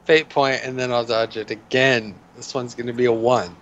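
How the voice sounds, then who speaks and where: A man's voice: medium pitch, level tone, moderate pace, highs cut off. A man playing in a tabletop game, joking and chuckling as he talks. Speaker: player. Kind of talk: casual game-table chat.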